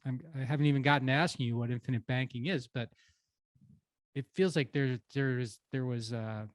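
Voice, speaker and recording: A man's voice: medium pitch, fairly even intonation, a little fast, dry recording, studio quality. A man hosting a podcast interview, asking curious, probing questions. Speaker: podcast host.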